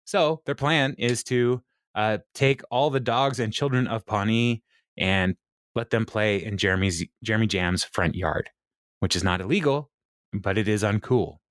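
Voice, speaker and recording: Lively opinionated man recapping, deep voice. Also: no echo. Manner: opinionated, animated recapping with quick asides. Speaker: podcast co-host recapping an episode. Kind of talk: casual chat.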